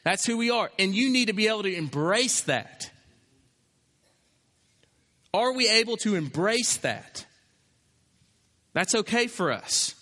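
Bright-voiced preacher man in a reverberant hall. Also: sits high, lively intonation, unhurried, pauses often. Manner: emphatic preaching with repeated phrases and rhetorical questions. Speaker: pastor. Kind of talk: sermon.

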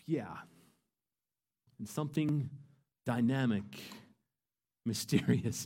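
A pastor preaching a sermon with passion, swinging between hushed moments and loud emphasis. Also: male voice, medium pitch.

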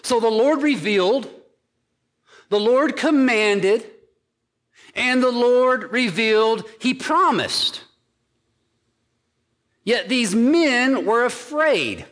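A man's voice: very high-pitched, lively intonation, slow pace, long pauses, a bit bright, in a large hall. A man preaching a sermon as pastor, driving his points home with emphatic repeated phrases.

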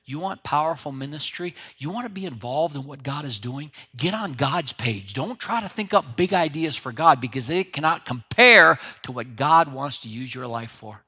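A man's voice: a little high, slightly rough. A man preaching a sermon, retelling stories emphatically and directly urging his listeners. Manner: animated storytelling, emphatic. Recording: long hall reverb.

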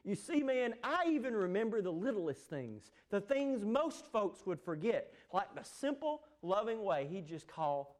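A preacher reciting Lazarus, earnest and high-pitched. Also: male voice, big pitch swings, normal speed, hardly any pauses. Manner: recited earnestly, as a song lyric. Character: adult male Lazarus, earnestly recalling his friend.

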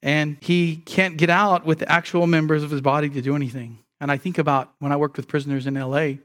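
A man's voice: fairly high pitch, little pitch movement, brisk, fairly bright tone. A man preaching an expository sermon, emphatic and often repeating words as he teaches.

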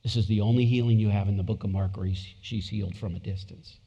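A man's voice: fairly low pitch, steady tone, fast talker, gravelly, warm tone, breathy edge, muffled recording. A man preaching a sermon as pastor, emphatic and repeating his points, acting out quotes from scripture. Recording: long hall reverb.

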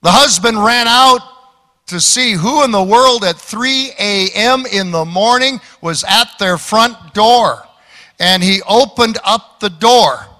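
A pastor preaches slowly in a bright, tense voice, mixing homespun jokes with forceful declarations. His voice rings with a long reverb through a church hall. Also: sits high. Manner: folksy preaching with jokes and emphatic calls. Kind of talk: sermon.

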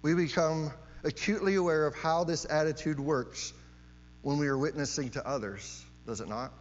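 A man's voice: fairly high pitch, moderate pace. Emphatic preacher man in a reverberant hall. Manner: emphatic, repeats key phrases, frequent rhetorical "right?". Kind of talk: sermon. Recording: long hall reverb, dull sound, mains hum.

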